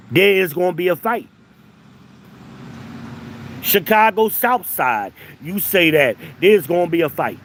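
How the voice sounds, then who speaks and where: A man, a father of two daughters, delivering a casual, heated rant, emphatic and repetitive, often rising in pitch. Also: big pitch swings, a little slow, long pauses, a bit bright, slight background noise. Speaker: commentator.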